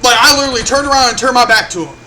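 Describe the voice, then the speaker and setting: A man's voice: very high voice, very fast, a little hiss or hum. A young man telling a story in a casual, profane way, acting out what people said. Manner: animated, profane, acts out quotes. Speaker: vlogger.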